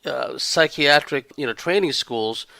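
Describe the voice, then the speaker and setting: A man's voice: medium pitch, unhurried, creaky, bright, forceful tone, no echo. A man hosting an interview, offering thoughtful commentary with filler words. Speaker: interviewer host. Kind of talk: casual interview talk.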